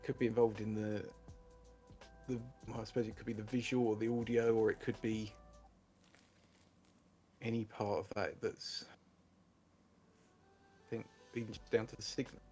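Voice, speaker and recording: A man's voice: on the low side, flat delivery, moderate pace, pauses often, mellow, faint music behind. Hesitant man hosting a panel game. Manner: hesitant, giggly, restarts phrasing. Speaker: game show host. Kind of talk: casual online game-show chat.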